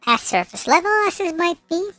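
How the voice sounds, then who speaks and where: A woman's voice: extremely high pitch, big pitch swings, fairly quick, sharp tone, dry recording, faint music behind. A woman streamer reading game narration aloud, with occasional slips and self-corrections.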